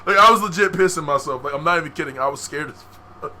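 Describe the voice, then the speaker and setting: A young man and podcast co-host telling a story in casual, animated speech, with lots of profane slang and frequent laughter. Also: fairly high pitch, quick pace, a little hiss or hum.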